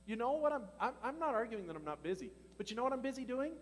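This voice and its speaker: Male pastor, high voice, animated conversational sermon, long church-hall reverb. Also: quick pace. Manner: animated, conversational preaching with laughs and questions to the congregation.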